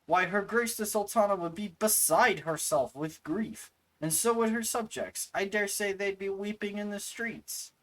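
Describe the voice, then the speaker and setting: A man's voice: sits high, moderate pace, hardly any pauses, fairly bright tone, voice pushed up, low-quality recording. A man doing a fretful little court retainer. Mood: fretting. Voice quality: fretful, overly formal.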